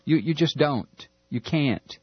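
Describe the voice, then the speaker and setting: A man's voice: fairly high pitch, takes it slowly, slightly rough, no echo. Heated man on lo-fi radio. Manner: impassioned, stammering, sarcastic. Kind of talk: political rant monologue. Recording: dull lo-fi recording.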